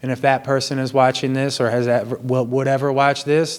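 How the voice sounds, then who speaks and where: A man in an earnest, apologetic personal monologue, speaking slowly and in a measured way, recorded in a gym. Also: medium pitch, flat delivery, clean tone. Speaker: vlogger sharing personal confessions.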